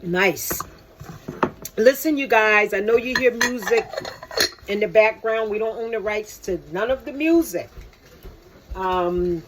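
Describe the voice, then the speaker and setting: Older woman host, chatty and unhurried, higher voice, faint background hum. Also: rough recording. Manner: slow, chatty, addresses viewers as "you guys". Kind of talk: casual home cooking vlog.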